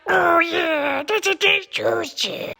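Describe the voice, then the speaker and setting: A man's voice: extremely high pitch, takes it slowly, gravelly, bright, forceful tone, slight background noise, pitched above the performer's own voice, full character voice. A man putting on a cooing, sing-song baby-talk voice to talk to his pet dog. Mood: doting.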